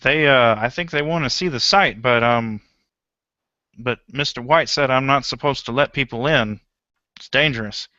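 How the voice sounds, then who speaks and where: A man's voice: medium pitch, moderate pace, pushed and bright, dry recording, muffled recording, lightly acted. A man voicing Richard, a nervous young site guard who stammers and pleads.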